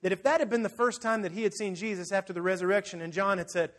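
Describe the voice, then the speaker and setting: Speaking fast in a high voice, a pastor delivers a sermon as lively storytelling, acting out the scenes. He addresses his congregation head-on.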